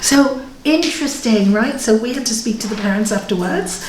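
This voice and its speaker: A middle-aged woman, a yoga teacher, giving a reflective spiritual talk with readings, laughing softly between points. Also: a little high, moderate pace, far from the mic, a little hiss or hum. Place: yoga centre hall. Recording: roomy, from off the mic.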